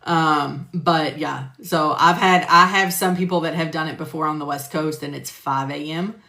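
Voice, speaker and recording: A woman with a low, steady voice and a sharp tone speaks at a moderate pace while teaching medical coding on a live stream. Casual and filler-heavy, she responds to viewers by name; the audio from her phone or computer mic has a roomy echo.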